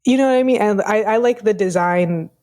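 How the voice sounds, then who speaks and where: A woman's voice: mid-range voice, a little fast, mellow. Female podcast co-host, playful and casual, mid-range voice. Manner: playful, laughing, swears casually. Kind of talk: casual chat.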